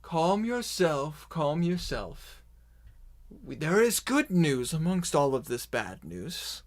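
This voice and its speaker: A grand, self-important orc herald, put on by a man in a tabletop game, speaking a little above his natural pitch. He stretches each proclamation out slowly and lets it hang over the crowd. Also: very animated, exaggerated voice. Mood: proclaiming. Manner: slow, drawn-out proclamations. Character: male orc herald addressing a crowd, pompous.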